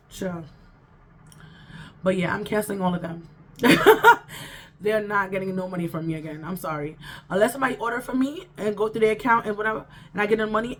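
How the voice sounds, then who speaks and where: A woman's voice: medium pitch, a bit bright. A woman vlogger telling a storytime in an exasperated, emphatic, repetitive way. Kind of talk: casual storytime rant.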